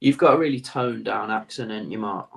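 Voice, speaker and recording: A man's voice: on the low side, fairly quick, gravelly, fairly bright tone. A man joining a casual chat, teasing the others in short bursts of banter.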